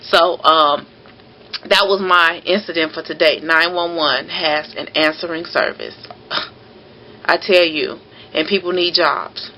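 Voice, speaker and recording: Chatty woman with a bright voice. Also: on the low side, takes it slowly, a little hiss or hum, rough recording. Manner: chatty, animated storyteller. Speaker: mail carrier vlogger. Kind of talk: casual vlog storytelling.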